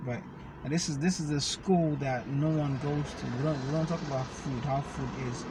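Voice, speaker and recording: A man's voice: fairly high pitch, fairly even intonation, moderate pace. A man, casually explaining fitness and food with step-by-step analogies while riding in a car. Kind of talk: casual conversation. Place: inside a car. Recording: noisy car recording.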